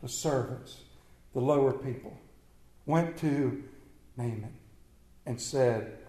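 A man preaching a sermon to his congregation, retelling a bible story in lively fashion and calling out people by name. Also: mid-range voice, a little slow, pauses often, echoey room. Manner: animated, acts out bible characters, addresses congregation by name.

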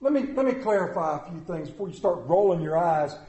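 A man's voice: high voice, lively intonation, fairly quick, warm tone, reverberant. A man preaching a sermon as pastor, folksy and conversational, asking his congregation rhetorical questions.

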